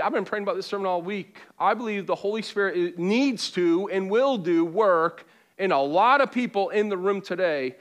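A man preaching a sermon as pastor to a congregation, animated with call-and-response, swinging from loud exhortation to hushed tones, with joking asides. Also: sits high. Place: church auditorium with congregation.

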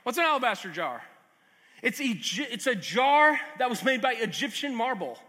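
A man preaches to his congregation in an earnest, chatty way, stopping for asides and small jokes. His voice sits very high and rings bright and sharp. The sound carries a long reverb from the church hall. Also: big pitch swings, moderate pace. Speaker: pastor. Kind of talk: sermon.

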